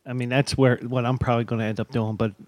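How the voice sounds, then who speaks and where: A man's voice: mid-range voice, level tone, quick pace, darkish tone. A man chatting as a regular on a radio talk show, laid-back and self-deprecating. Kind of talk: casual radio banter.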